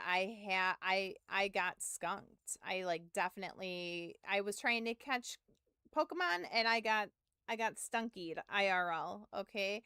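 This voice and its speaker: A woman in her thirties spins a rambling story for her stream chat, heavy on "like", with the occasional curse and plenty of self-mockery. Her mid-range voice is smooth, clear, bright and forceful, a little slow, and the recording is dry and close with no echo.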